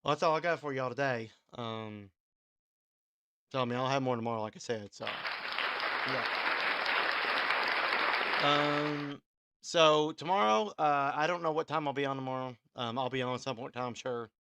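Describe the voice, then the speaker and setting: A man's voice: mid-range voice, moderate pace, long pauses, sharp tone, clear, resonant tone, no echo, a faint crowd. Guy dj rambling through his sign-off, lots of ums, dry close sound. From Kentucky, USA. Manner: rambling, full of ums and restarts. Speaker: radio host and DJ. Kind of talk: casual live-stream sign-off.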